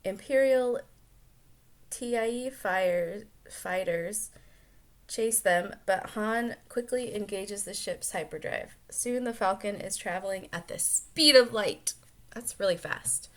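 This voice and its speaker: A woman's voice: mid-range voice, takes it slowly. Woman reading a storybook aloud with chatty asides. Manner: lively reading broken by chatty asides and self-corrections. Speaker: storyteller aunt. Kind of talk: reading a picture book aloud.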